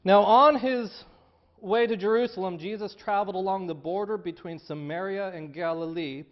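A man's voice: high-pitched, moderate pace, highs cut off. A male pastor preaching a sermon in a conversational storytelling way, often repeating words as he goes.

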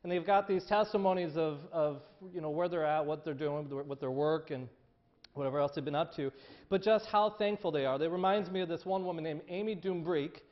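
A man's voice: fairly high pitch, brisk, highs cut off. A male pastor preaching a sermon in a conversational storytelling way, often repeating words as he goes.

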